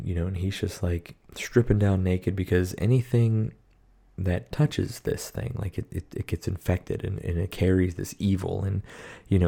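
A man co-hosting a podcast talks through a horror movie in a casual, rambling way, full of profanity and fillers. His low voice is husky and mellow, with noticeable vocal fry.

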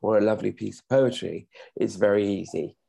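Middle-aged male actor, interview guest, gravelly and husky, modest and chatty. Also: lowish voice, fairly even intonation, brisk, mellow, lo-fi sound. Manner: modest, chatty, self-correcting. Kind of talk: casual interview talk.

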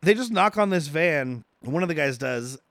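Guy on a podcast recapping a movie, laughs a lot, kinda high voice, dry sound. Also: expressive, moderate pace, fairly bright tone, no room sound. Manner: laughs often, acts out quotes in silly voices. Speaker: podcast co-host. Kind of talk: casual movie recap chat.

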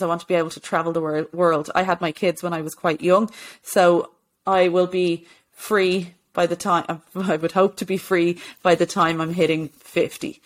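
A woman, hosting a solo health-coaching podcast in an earnest, encouraging way, with many "okay"s and restarts. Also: lowish voice. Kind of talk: solo podcast advice talk.

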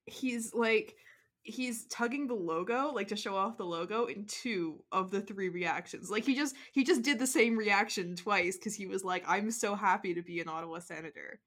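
A woman co-hosting a laid-back hockey podcast, her pitch sitting in the usual middle for a woman. She talks in a loose, chatty way, sprinkling in "like" and murmured agreement. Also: moderate pace, a bit bright. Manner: chatty, frequent "like" and "mm-hmm". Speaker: podcast co-host. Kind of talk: casual sports chat.

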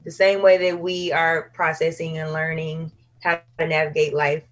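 A woman's voice: deep voice, moderate pace. A woman singer speaking candidly as an interview guest, laughing often and acting out her own past remarks. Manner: frank, laughs often, quotes herself in lively asides. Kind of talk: candid casual conversation.

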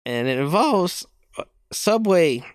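A man's voice: high voice, big pitch swings, takes it slowly, smooth, no room sound, clean studio sound. A young man hosting a podcast alone, rambling casually, mocking himself and laughing often. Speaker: podcast host.

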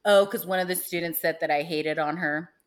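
A woman's voice: on the low side, steady tone, brisk. Gossipy young woman chatting. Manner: gossipy, dramatic quoted voices, swearing. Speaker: podcast co-host. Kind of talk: casual chat.

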